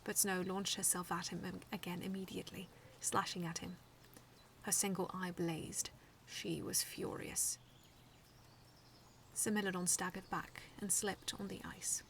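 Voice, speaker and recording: Female author narrating her own story; hushed and gravelly, distant mic, faint background noise. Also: fairly low pitch, little pitch movement, measured pace. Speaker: fan fiction author reading aloud. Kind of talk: first-person story reading.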